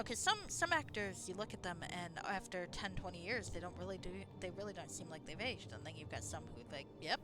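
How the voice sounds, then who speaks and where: A woman streaming a video game, talking in a rambling, chatty way, swearing casually and laughing often. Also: lowish voice. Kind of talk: casual rambling commentary while playing.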